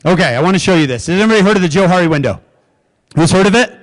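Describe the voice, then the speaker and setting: A middle-aged man giving a humorous keynote speech to educators, joking and quizzing the audience with quick questions. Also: sits high, expressive, low-quality recording. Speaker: keynote speaker.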